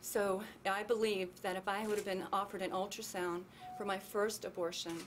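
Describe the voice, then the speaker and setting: A woman giving emotional personal testimony at a public event, speaking earnestly and slowing down as she reads. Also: medium pitch, little pitch movement, slight background noise. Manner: earnest, emotional, slow when reading.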